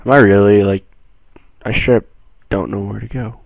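A young man giving casual commentary on a horror game, excitable and jumpy, moving between low mutters and sudden yells. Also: moderate pace, creaky, no echo, muffled recording. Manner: jumpy, excitable, swings from mumbling to yelling. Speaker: gameplay streamer.

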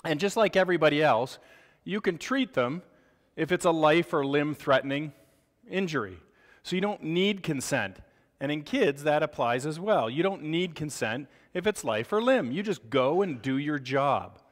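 Male medical lecturer, forties, slightly high voice, playful delivery, long hall reverb. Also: moderate pace. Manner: joking, animated, asks rhetorical questions. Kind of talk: board review lecture.

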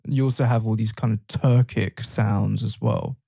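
Mellow-voiced Northern English man chatting. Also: fairly low pitch, steady tone, normal speed, creaky, no room sound, studio quality. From England. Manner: chatty, laughs easily. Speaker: podcast co-host, English teacher. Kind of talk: casual podcast chat.

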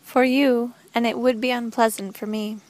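A woman reading the lines of a calm, gentle young woman in an audiobook, speaking earnestly and evenly. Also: on the high side, moderate pace, lightly acted.

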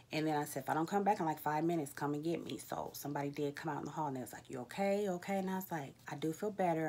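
A woman, telling a candid personal story to her vlog viewers, jumping up high when she acts out her own reactions. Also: husky. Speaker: vlogger.

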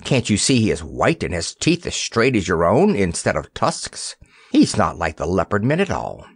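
A man's voice: sits low, wildly swooping pitch, normal speed, husky, no echo, clean studio sound, full character voice. A man voicing a kindly, protective female hippopotamus who talks sharply and earnestly in an audiobook.

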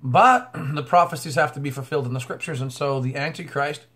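Excitable man in a religious vlog. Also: fairly high pitch, fairly quick. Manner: exclamatory, bursts of "oh" and "wow"; stumbling, repeats words. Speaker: YouTube commentator.

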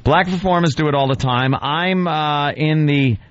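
A man's voice: on the high side, moderate pace, lo-fi sound. A man co-hosting a radio show, reading a blog aloud in a sarcastic, mocking way. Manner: sarcastic, reads text aloud and mocks it. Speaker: radio co-host. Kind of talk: mocking read-aloud commentary.

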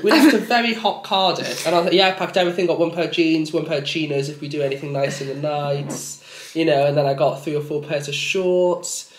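A man's voice: on the high side, fairly even intonation, a little fast. A young man chatting casually in a holiday lodge, laid-back and self-deprecating. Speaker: co-host. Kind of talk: casual vlog chat. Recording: echoey room with background noise.

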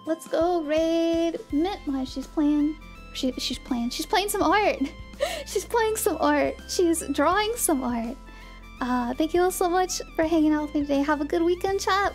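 A woman streamer chatting casually and excitably while gaming, humming to herself, her voice going hoarse. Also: sits high. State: losing her voice.

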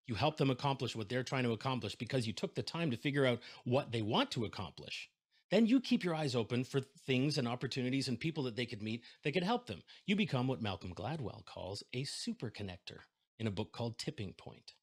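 A man on stage telling a story with lots of energy, jumping between characters and pitching his voice up to act out each side of a conversation. His voice sits in the middle range for a man. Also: fairly quick, slightly rough. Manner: animated storyteller, acts out both sides of phone calls. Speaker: keynote speaker. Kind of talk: storytelling keynote speech.

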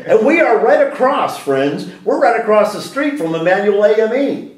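A man in a sit-down interview, talking with lots of energy, restarting his sentences and tossing out rhetorical questions. His voice sits a little high. It echoes around a library room because the mic is some distance away. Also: normal speed. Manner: animated and talkative, with frequent restarts and rhetorical questions. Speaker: interview guest.

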